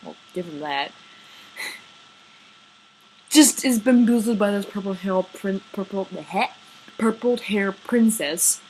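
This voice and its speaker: A woman's voice: mid-range voice, slow pace, long pauses, darkish tone, breathy edge, rough recording. A woman gushing about her favorite fictional couple in a casual vlog, swearing freely, gasping and laughing as she goes. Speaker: vlogger. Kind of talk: excited fan rant.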